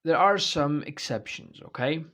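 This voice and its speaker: A man's voice: on the high side, a little slow, pushed and bright. A man giving an online English grammar lecture, explaining step by step and checking in often with "okay?" and "right?". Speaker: English teacher.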